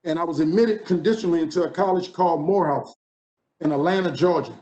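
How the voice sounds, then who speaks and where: Here a man from New Orleans, USA, in his fifties and with a New Orleans accent, delivers a motivational keynote at a conference, using rhythmic repetition in a preacher's style. He's a fast talker with a fairly high, mellow voice, and the highs are cut off.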